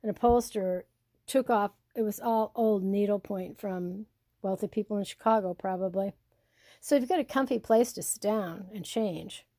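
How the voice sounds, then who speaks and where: A woman's voice: medium pitch, normal speed, dark tone, dry recording, studio quality. An older woman and blogger chatting in a rambling, storytelling way while showing her home. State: hard of hearing. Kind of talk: casual home tour vlog.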